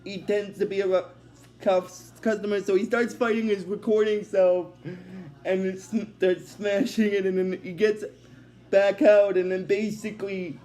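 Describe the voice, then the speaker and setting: A man's voice: sits high, level tone, moderate pace, warm tone. A young man casually recapping a cartoon episode, rambling with lots of fillers. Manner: rambling, many fillers like "basically" and "uh".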